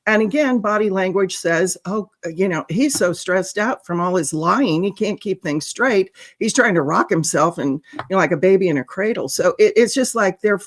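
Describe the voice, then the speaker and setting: Female guest, animated and outraged, stumbling through restarts. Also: mid-range voice, moderate pace, few pauses. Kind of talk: casual political chat.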